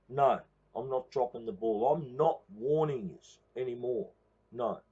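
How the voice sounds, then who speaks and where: A man's voice: medium pitch, dark tone, husky, highs cut off. An Australian man from Queensland giving a blunt, profane, confrontational address to his viewers. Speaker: protest movement speaker.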